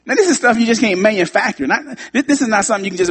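A man's voice: high voice, lively intonation, rapid-fire, slightly rough. A man preaching to his congregation, repeating lines for emphasis and talking straight to the room. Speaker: pastor. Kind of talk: sermon.

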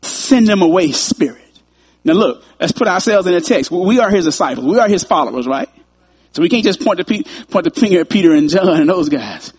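A man's voice: sits high, expressive, brisk, slightly rough. A man preaching a sermon in a conversational way, chuckling often and repeating his phrases.

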